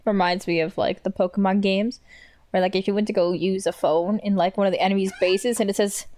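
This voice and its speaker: A woman's voice: mid-range voice, steady tone, a little fast, darkish tone. Woman streamer joking through a game. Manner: reads and translates game text aloud, swears, jokes. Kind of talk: casual let's play commentary. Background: faint game music.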